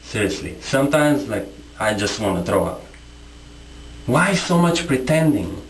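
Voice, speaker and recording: Male vlogger, combative rant to camera, lively swinging pitch, echoey room. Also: a little slow. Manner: confrontational, repetitive, rhetorical questions. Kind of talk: impassioned monologue to camera.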